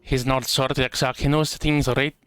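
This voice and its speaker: A man's voice: mid-range voice, flat delivery, fairly quick, fairly bright tone, clean tone, dry recording, natural voice. A man voicing a brash, blunt dwarf hunter in a game, with a clumsy put-on accent. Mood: gruff.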